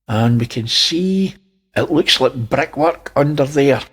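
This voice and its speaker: A man's voice: mid-range voice, expressive, slow, fairly bright tone, slightly rough. A man with a Scottish accent, talking viewers through images and pointing out details, with wry asides. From Scotland. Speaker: channel host. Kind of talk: narrating image analysis.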